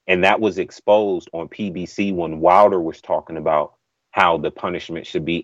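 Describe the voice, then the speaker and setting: Deep voiced guy calling in, dry dull lo-fi sound, rambly and pushy about his point. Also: no room sound. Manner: rambling, emphatic opinions. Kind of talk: casual chat.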